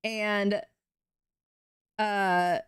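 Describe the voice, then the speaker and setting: A young woman streaming, retelling a show in an animated, rambling way with casual swearing. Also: mid-range voice, extremely slow, smooth, no echo, studio quality. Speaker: VTuber streamer.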